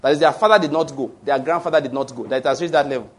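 This preacher talks very fast in a medium-pitched, slightly rough voice, emphatic and prone to tangents, restarts, and fillers. He keeps asking the congregation questions and supplying the answers.

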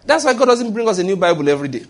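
A man's voice: sits high, big pitch swings, very fast. A man preaching a sermon, asking rhetorical questions and answering them himself with emphatic repetition.

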